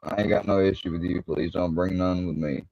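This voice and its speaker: Deep-voiced angry, swearing man hosting a stream. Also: fairly even intonation, brisk, creaky, a little mellow, dry recording. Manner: angry, profane, confrontational. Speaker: livestream host. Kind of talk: heated livestream rant. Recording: dull lo-fi stream audio.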